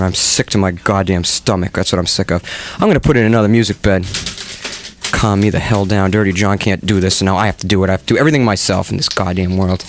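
A man's voice: fairly low pitch, a little hiss or hum. A man hosting a comedic radio show on a studio microphone, ranting in mock-melodramatic exasperation.

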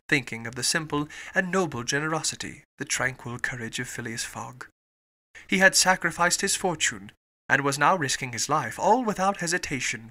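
A man narrating a classic novel as an audiobook, with an expressive storybook reading. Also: a little high. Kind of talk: scripted narration.

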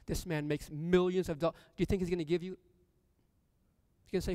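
Preacher guy, high smooth voice, long church reverb, keeps hammering the same line. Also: little pitch movement, quick pace, pauses often, mellow, clean studio sound. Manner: repetitive, building emphasis. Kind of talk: sermon. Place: church sanctuary.

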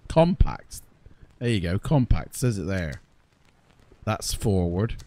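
Guy doing gameplay commentary, lowish voice, chatty, moans at the game. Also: lively intonation, unhurried, dark tone. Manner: chatty, exasperated asides. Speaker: gaming channel host.

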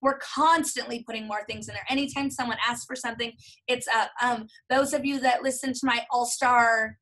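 A woman's voice: a little high, fairly even intonation, normal speed, fairly bright tone, poor audio. Enthusiastic chatty woman coach. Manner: enthusiastic, chatty, self-correcting. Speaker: gym owner and coach. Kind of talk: casual webinar talk.

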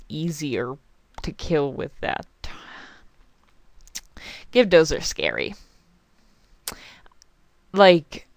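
Chatting through a game on her channel, a young woman rambles, swears, and apologizes as she plays. Her voice is smooth and clear, with a pitch that jumps around a lot, and the recording sounds close and dry.

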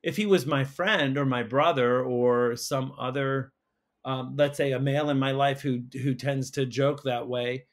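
Man telling a story, halting restarts. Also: medium pitch, steady tone. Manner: rambling, halting with many restarts and fillers. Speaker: school counsellor, podcast guest. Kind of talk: casual storytelling conversation.

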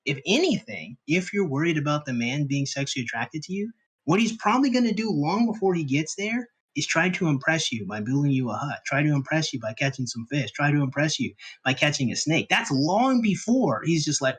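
A man's voice: on the high side, very animated, brisk, breathy edge, low-quality recording. A man arguing his point on an online panel, emphatic and prone to repeating himself. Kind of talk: heated online panel debate.

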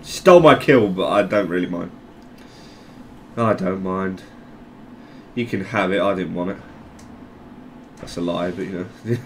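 A man giving casual, rambling commentary over a video game, joking, laughing often and breaking into loud exclamations. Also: deep voice, a little slow, long pauses, a little hiss or hum. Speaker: gameplay commentator.

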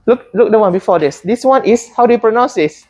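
Woman teacher, husky voice, halting delivery, questions to the class. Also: on the high side, expressive, mellow. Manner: hesitant, many fillers and restarts, asks students questions. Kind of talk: classroom botany lesson.

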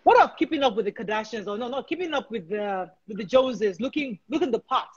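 A woman hosts the interview in a husky, breathy voice, listening closely and murmuring agreement before asking pointed questions. Her audio comes through dull and lo-fi over a remote link. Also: fairly high pitch, animated, fast talker, darkish tone. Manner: attentive, frequent murmured agreement. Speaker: host.

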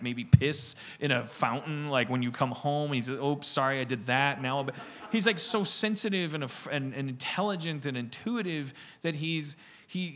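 A man's voice: a little high, fairly bright tone. A man hosting a podcast, rambling comedically through stories with lots of fillers and acted-out quotes. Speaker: podcast host.

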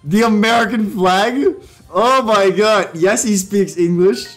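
A man's voice: high-pitched, slow, fairly bright tone, faint music behind. A young man casually commenting on a live stream, joking around and reading prompts aloud. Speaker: livestreamer.

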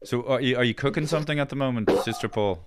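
A man's voice: mid-range voice, fast talker, background noise. A man with an Irish accent hosting a podcast in casual, teasing chat, swearing and laughing often. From Ireland. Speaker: podcast host.

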